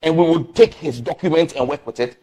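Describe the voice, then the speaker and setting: A man's voice: a little high, fairly quick. A man from Ghana, a member of parliament, arguing his point insistently in a heated political debate. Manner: emphatic, insistent, animated.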